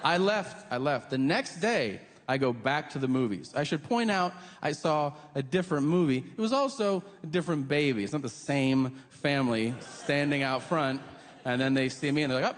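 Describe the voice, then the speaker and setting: Animated male stand-up comic on stage. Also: fairly high pitch, moderate pace. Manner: animated, profane, mimics voices in quotes. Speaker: stand-up comedian. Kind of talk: stand-up storytelling. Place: large theater stage. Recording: roomy live theater with audience ambience.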